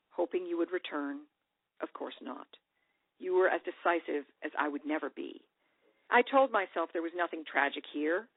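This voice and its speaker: A woman's voice: low voice, no room sound. Tinny-sounding woman reading her own essay. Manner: measured, reflective storytelling. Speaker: author. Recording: dry, tinny radio broadcast audio.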